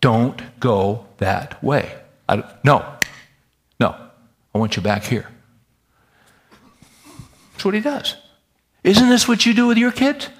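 A man delivers a sermon at a middle pitch. He preaches in a folksy, animated way, often turning to ask his listeners questions. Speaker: pastor.

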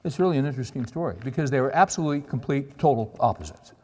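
A man's voice: medium pitch, lively intonation, racing, warm tone. A middle-aged man preaching a sermon, telling stories in a conversational way and checking in with the audience. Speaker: pastor. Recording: long reverb of a large hall.

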